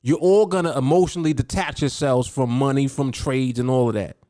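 A man's voice: mid-range voice, steady tone, fairly quick, warm tone, dry recording, studio quality. A man hosting a podcast as a trading coach, talking emphatically, repeating key words and speaking straight to his listener. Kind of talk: motivational podcast talk.

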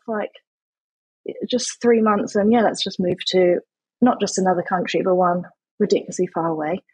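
A woman's voice: mid-range voice, slightly rough, no echo, poor audio. A woman in her thirties with an English accent, telling a story in a chatty, self-mocking way as a podcast guest. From England. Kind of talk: casual interview chat.

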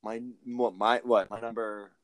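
A man's voice: on the low side, little pitch movement, measured pace, dry recording. A man with a light New Jersey accent hosting a podcast, chatting casually at an outdoor barbecue in a rambling, filler-heavy way. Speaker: podcast host. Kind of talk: casual chat.

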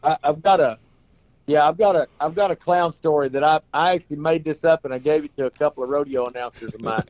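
A man's voice: a little high, fast talker, dry recording, muffled recording. Folksy man telling rodeo stories. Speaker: guest, rodeo singer and performer. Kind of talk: casual storytelling talk.

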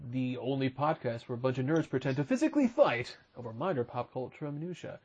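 A man hosting a casual podcast chat, introducing guests and running through topics in quick, chatty rundowns. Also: mid-range voice, animated, a little mellow, slightly rough, muffled recording. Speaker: podcast host.

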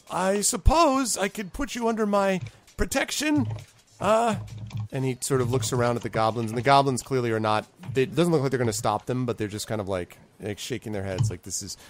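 A man's voice: fairly low pitch, quick pace, hardly any pauses, a little hiss or hum. A man working as game master, narrating a tabletop game in a rambling, playful way. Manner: rambling with many fillers and restarts, playful.

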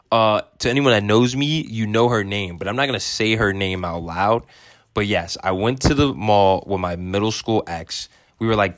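A man's voice: on the low side, a bit bright, dry recording, studio quality. A young man telling a story casually, laid-back and rambling with lots of fillers. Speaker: vlogger.

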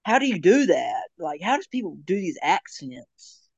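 A young man with a slightly raised pitch rambles through a casual chat, laughing often and restarting sentences. The sound is dull and lo-fi, dry with no room echo. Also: sing-song, moderate pace, gravelly, darkish tone, slightly rough.

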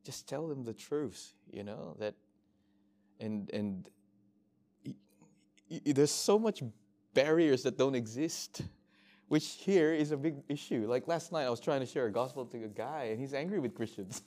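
A man's voice: medium pitch, normal speed. A middle-aged man from Australia speaking as a missionary at a workshop, telling anecdotes and acting out conversations with frequent restarts. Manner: animated storyteller, acts out dialogue, frequent restarts. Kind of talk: informal workshop talk.

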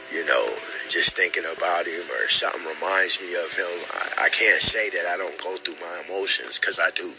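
An emotional middle-aged man hosts his podcast in an extremely deep voice with a very bright, forceful edge. He speaks haltingly, repeats words, and keeps saying "man" as he holds back tears. Faint music plays underneath. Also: rough recording. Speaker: podcast host. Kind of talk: emotional spoken dedication.

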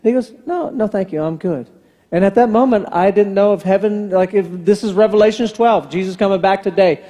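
A man in his fifties, the pastor, preaches in a big church hall, telling a family story and voicing the dialogue himself. His voice is high-pitched and dark, and his pace fairly quick. The sanctuary gives a long hall reverb.

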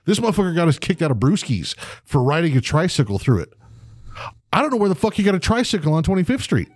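A man's voice: on the high side, big pitch swings, quick pace, dry recording. A man, casually telling long profane party stories with lots of filler words. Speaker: podcast co-host. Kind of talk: casual chat.

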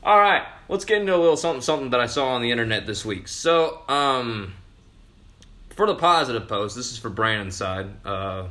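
A young man hosting a casual show, ranting loudly and swearing constantly, with sudden jumps in pitch. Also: lively intonation, brisk. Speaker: podcast host.

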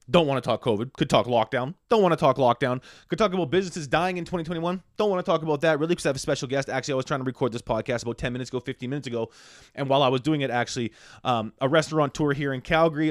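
A man hosts his podcast in a loose, rambling monologue, swearing constantly and leaning on fillers. He talks fast in a slightly high voice. The sound is close and dry, with no room around it. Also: no room sound. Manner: rambling, profane, full of fillers. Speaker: podcast host.

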